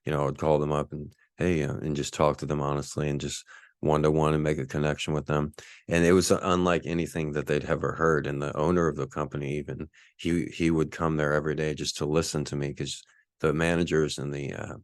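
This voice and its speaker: Very deep-voiced laid-back man. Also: flat delivery, a little fast, clear, resonant tone, no echo, clean studio sound. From Texas. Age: 40s. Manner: laid-back, rambling, self-assured. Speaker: podcast host. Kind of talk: casual storytelling monologue.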